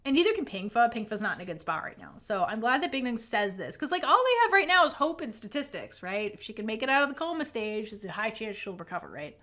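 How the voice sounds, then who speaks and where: A woman's voice: on the high side, big pitch swings, fast talker, few pauses, bright, forceful tone. A woman co-hosting a casual recap podcast, telling the story with lots of "like" and casual swearing, and acting out the characters' lines. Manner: swears casually, says "like" a lot. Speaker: podcast co-host.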